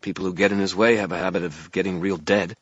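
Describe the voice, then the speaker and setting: Brief: a man voicing a cocky young guy, dry and edgy, husky, muffled audiobook sound. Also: deep voice, fairly even intonation, fast talker, no echo, voice pushed up. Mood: sarcastic.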